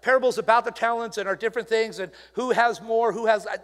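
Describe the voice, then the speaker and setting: A middle-aged man preaching a sermon in a church, conversational and animated, with asides to the congregation. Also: extremely high pitch, fast talker. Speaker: pastor. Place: church sanctuary. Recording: reverberant church hall.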